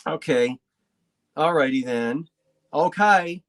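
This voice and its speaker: With a deep, expressive voice and a slightly slow pace, a folksy woman hosts a live antiques sale from her decorated living room. She talks easily, showing each item, and often trails off mid-sentence before circling back.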